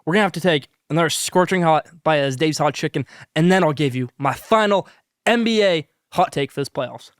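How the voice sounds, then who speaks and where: A man hosting a sports podcast, pitching a sponsor and giving basketball hot takes between bites of food, talking with food in his mouth at times. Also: brisk, clean tone, no echo. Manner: hyped, salesy, talks with food in mouth. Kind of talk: sponsored hot-takes segment while eating.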